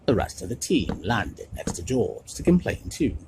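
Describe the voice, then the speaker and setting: A man streaming, reading a storybook aloud in an expressive manner. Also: on the low side, moderate pace. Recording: noisy home stream recording.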